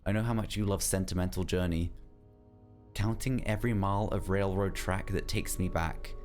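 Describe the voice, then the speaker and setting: A man's voice: sits low, darkish tone. A man streaming a game live, reading notes and letters aloud and breaking off to chat with his viewers. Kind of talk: live gameplay commentary.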